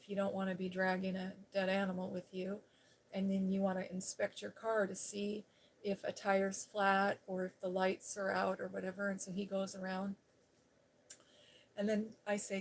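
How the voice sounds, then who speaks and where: A woman's voice: mid-range voice, a little hiss or hum. Chatty middle-aged woman telling a story. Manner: chatty, animated anecdote telling. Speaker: live-stream host. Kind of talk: casual personal storytelling.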